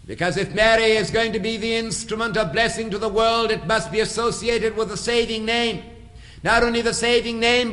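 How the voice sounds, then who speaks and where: A man's voice: very high voice, sharp tone. A man preaching a sermon in a church, building emphasis through repeated phrases. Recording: long hall reverb.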